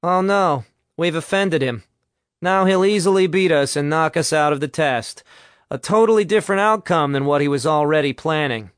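A man's voice: mid-range voice, measured pace, smooth, no echo, studio quality, natural voice. A man playing a wisecracking young schemer. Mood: sarcastic. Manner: wisecracking, sarcastic. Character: sardonic scheming young male student.

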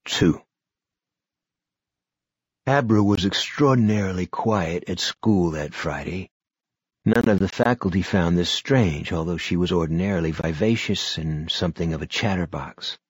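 A man giving a measured, expressive audiobook narration. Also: deep voice, slightly rough, dry recording.

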